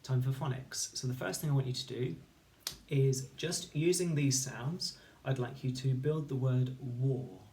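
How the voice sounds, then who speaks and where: A man teaching a recorded phonics lesson, sounding out words slowly and clearly, one sound at a time. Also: mid-range voice, a little mellow, slight background noise. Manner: slow, clear, patient instruction with sound-by-sound segmenting. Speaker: primary school teacher.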